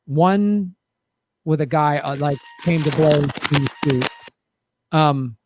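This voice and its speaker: Animated high-voiced man telling a story. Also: slow, background noise. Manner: animated storytelling, quotes others. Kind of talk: casual podcast chat.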